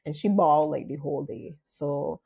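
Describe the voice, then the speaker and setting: A woman hosting a podcast interview, telling her own stories in an animated way and acting out quotes. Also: deep voice, normal speed, creaky, husky. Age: adult mother. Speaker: podcast host. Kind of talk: casual interview chat.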